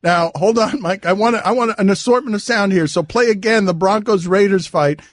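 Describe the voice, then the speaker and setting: A middle-aged man hosting a sports radio show, riffing fast and breaking into giggles as he banters. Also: high voice, dry recording.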